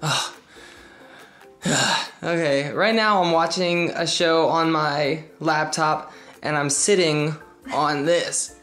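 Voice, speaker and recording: A man's voice: on the high side, fairly even intonation, slow pace, fairly bright tone, faint music behind. A young man vlogging casually to a handheld phone camera at home, playful and chatty. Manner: playful, chatty, laughs often. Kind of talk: casual vlog talk to camera. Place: indoors at home. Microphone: phone camera held by hand.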